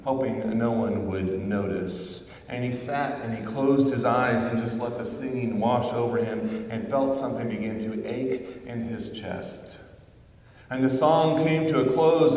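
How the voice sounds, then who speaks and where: A male pastor preaching a sermon, telling stories slowly and building to emphatic peaks. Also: mid-range voice, darkish tone. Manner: slow, storytelling, swelling to emphatic peaks. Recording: echoey church hall from far off.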